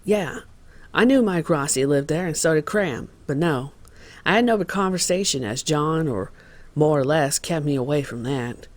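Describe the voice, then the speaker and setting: A man's voice: fairly high pitch, animated, moderate pace, close to an everyday voice. A man voicing a male contractor who testifies as a witness in a dramatized reading of court testimony, telling the story in a plain, worried way.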